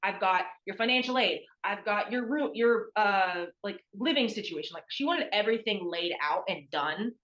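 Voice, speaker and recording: A woman's voice: mid-range voice, expressive, moderate pace, few pauses, fairly bright tone, poor audio. A young adult woman, a former college athlete, chatting as a podcast guest and acting out what others said, with lots of "like". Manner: chatty, lots of "like", acts out quoted voices. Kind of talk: casual storytelling interview.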